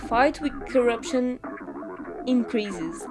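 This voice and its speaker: A woman talking through a courtroom game, playful and quick to exclaim, reading on-screen text aloud. Her voice sits fairly high and her delivery is unhurried. Soft guitar music plays behind her. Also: lively intonation. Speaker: gamer. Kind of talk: casual gameplay commentary.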